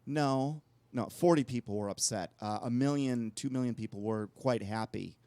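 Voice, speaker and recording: A man's voice: medium pitch, normal speed, warm tone, dry recording. A man co-hosting a talk show, telling long rambling anecdotes in casual conversation. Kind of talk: casual storytelling chat.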